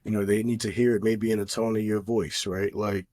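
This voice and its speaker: A man's voice: fairly low pitch, level tone, a little fast, a little mellow. A middle-aged man co-hosting a podcast, talking in an earnest, opinionated way with lots of fillers. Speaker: podcast co-host. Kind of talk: casual chat.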